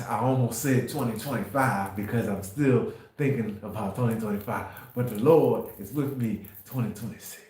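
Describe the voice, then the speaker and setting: Guy preaching on a live stream, rambly, goes soft then punchy, big echoey room. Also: mid-range voice, normal speed, hardly any pauses. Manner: rambling, repeats words and restarts, swings from quiet to emphatic. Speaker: faith livestream host. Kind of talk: informal preaching on a livestream.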